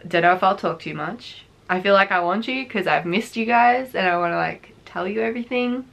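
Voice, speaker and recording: A woman's voice: mid-range voice, fairly quick, vocal fry, fairly bright tone. A young woman chatting casually to camera in her craft vlog, out of breath, rambling and laughing often. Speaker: craft vlogger.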